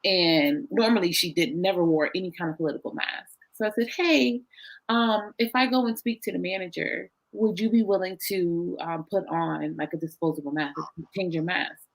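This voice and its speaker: A young adult woman telling a story as an interview guest, animated and playing out her own quoted lines over a video call. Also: fairly low pitch, normal speed, gravelly, poor audio.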